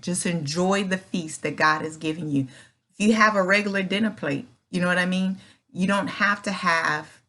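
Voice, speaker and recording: A woman's voice: fairly low pitch, fairly bright tone. A middle-aged woman hosting her own channel, giving earnest, encouraging advice in a folksy, casual way and often asking "right?". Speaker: channel host. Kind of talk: casual advice talk to camera.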